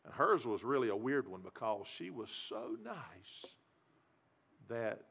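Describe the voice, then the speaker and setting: A man's voice: mid-range voice, sing-song, slow pace, vocal fry, fairly bright tone. A middle-aged man preaching a sermon, folksy and given to repeating himself. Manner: folksy storytelling, repeats words. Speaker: pastor. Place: church.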